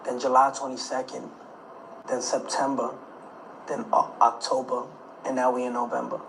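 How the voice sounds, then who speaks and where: A man's voice: medium pitch, flat delivery, moderate pace, creaky, fairly bright tone, a little hiss or hum, low-quality recording. A man as an interview guest, telling a story in casual talk, repeating dates and acting out what each person said. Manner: emphatic, repeats dates and phrases, acts out quoted dialogue.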